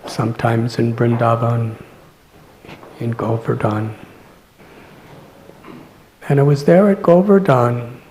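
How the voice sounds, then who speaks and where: A male monk lecturing in a temple class, telling devotional stories in a mid-range voice. He speaks gently and often sinks to near-whispers, with a faint hiss of noise behind. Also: medium pitch, slow pace, long pauses, poor audio. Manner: soft-spoken, drops to near-whispers.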